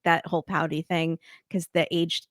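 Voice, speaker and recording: A woman's voice: sits low, flat delivery, normal speed, fairly bright tone, no room sound, clean studio sound. A woman guest on a casual recap chat, blunt, joking and opinionated. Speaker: podcast guest.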